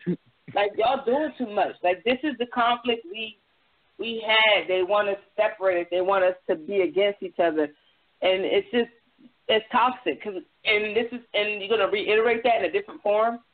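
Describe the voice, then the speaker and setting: A man co-hosting a talk show, speaking in an animated, heated way with stumbles and restarts. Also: high voice, moderate pace. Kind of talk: casual discussion. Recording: tinny phone-like sound.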